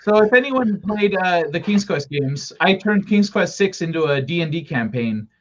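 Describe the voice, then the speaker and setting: High-voiced man chatting about games. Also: normal speed, highs cut off, slight background noise. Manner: excitable, joking, trails off mid-sentence. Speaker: co-host of a gaming talk stream. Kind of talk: casual chat.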